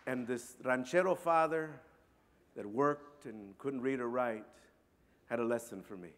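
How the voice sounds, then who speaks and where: A middle-aged man telling a personal story to an audience in an earnest, halting way, often repeating words. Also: medium pitch, fairly bright tone, a little hiss or hum. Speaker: speaker. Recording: long hall reverb.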